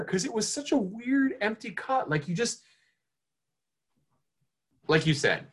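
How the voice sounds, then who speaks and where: A man co-hosting a podcast, reviewing a film in casual chat, rambling with many fillers and restarts and getting animated. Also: high voice, slow pace, breathy edge. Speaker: podcast co-host.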